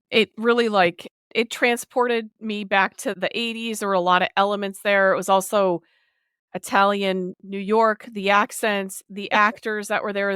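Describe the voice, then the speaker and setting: A woman talks casually as a podcast co-host, animated and quick to laugh. Her voice is smooth and clear, recorded dry and close with no room sound. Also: mid-range voice, no room sound. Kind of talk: casual chat.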